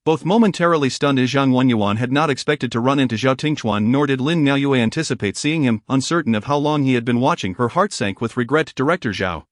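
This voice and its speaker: A man narrating a romance drama story in an even, measured reading. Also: medium pitch, dry recording, clean studio sound.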